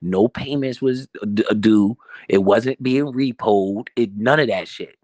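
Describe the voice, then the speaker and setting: A man's voice: on the low side, measured pace, a little mellow, no room sound, studio quality. A man giving a profane, emphatic motivational rant about money in a casual way. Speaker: motivational finance streamer.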